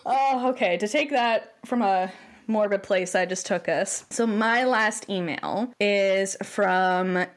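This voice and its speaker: A woman's voice: mid-range voice, takes it slowly. A woman hosting a casual podcast, reading emails aloud with sarcastic asides and frequent swearing. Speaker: podcast host.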